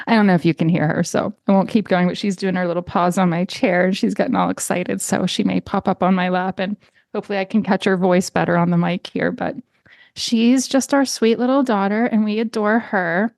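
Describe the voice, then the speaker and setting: A woman's voice: steady tone, brisk, vocal fry, no room sound, studio quality. A woman hosting her own podcast from home in a casual, chatty way, from the United States. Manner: warm chatty, lapses into high baby-talk to her cat. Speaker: podcast host. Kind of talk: casual solo podcast chat. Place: small room at home.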